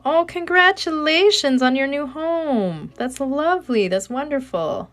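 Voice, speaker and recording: A woman in her thirties with a soothing voice, chatting casually and rambling softly while she crafts at home, speaking into a phone. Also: high-pitched, animated, a little slow, few pauses. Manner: chatty, rambling, soft-spoken. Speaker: craft livestreamer.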